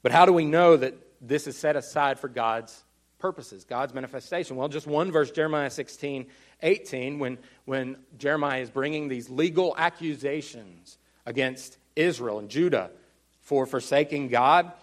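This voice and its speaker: A man preaching a teaching sermon, explaining earnestly and slowing down to stress key words. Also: mid-range voice. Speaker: pastor.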